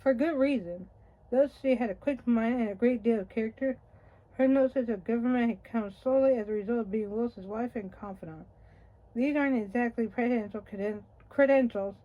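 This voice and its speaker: A woman's voice: on the high side, dull audio. A woman reading a nonfiction history book aloud, wry and conversational with occasional slips and restarts. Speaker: audiobook reader.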